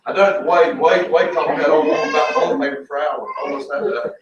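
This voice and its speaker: A Southern man in his thirties preaching a folksy, story-filled sermon with shouted bursts, heard from a distance in a church sanctuary. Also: fairly high pitch, fairly even intonation, fast talker, very echoey, highs cut off, very noisy. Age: 30s. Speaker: pastor. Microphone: distant from the mic.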